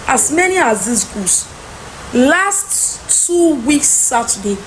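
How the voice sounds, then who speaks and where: A woman with a Nigerian accent, telling an animated personal story with exasperation and mimicking others in Pidgin. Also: sits high, slow, a little hiss or hum. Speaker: trader telling of lost goods.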